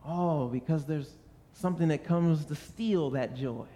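A man's voice: a little high, measured pace, mellow. A man preaching a sermon with an earnest, storytelling delivery full of rhetorical questions. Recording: long hall reverb.

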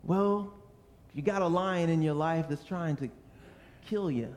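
A man with a fairly high, slightly mellow voice delivers a sermon at an unhurried pace. He tells his stories earnestly and keeps asking rhetorical questions, while a long reverb makes his voice echo as in a large hall.

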